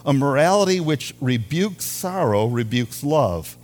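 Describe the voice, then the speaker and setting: A man preaching a sermon as a pastor, with animated delivery, drawing out key words for emphasis. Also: medium pitch, measured pace.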